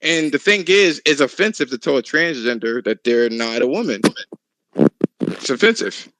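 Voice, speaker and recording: A man hosting a casual podcast chat, telling stories in a loud, profane, laughing way. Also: mid-range voice, normal speed, no echo, rough recording. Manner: animated, profane, laughing storyteller. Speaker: podcast host.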